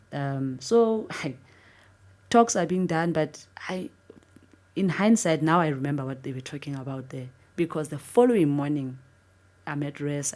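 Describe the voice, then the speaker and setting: Low-voiced South African woman recounting. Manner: earnest, animated retelling, voice jumping up for disbelief. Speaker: interviewee, former football captain. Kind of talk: personal storytelling interview.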